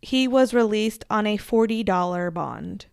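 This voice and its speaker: A woman's voice: mid-range voice, animated, measured pace, creaky, darkish tone, clear, resonant tone, no echo, clean studio sound. A woman co-hosting a podcast, telling a story in a casual, chatty way with frequent laughs. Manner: chatty, laughs often, self-deprecating asides. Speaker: podcast co-host.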